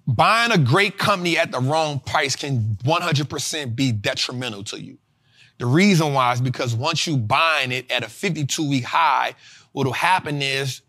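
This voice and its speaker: A man, lecturing a class on investing in an animated way and talking straight to his audience. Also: mid-range voice, normal speed. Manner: animated, talks straight to the audience, acts out students' voices. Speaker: investing teacher and show host.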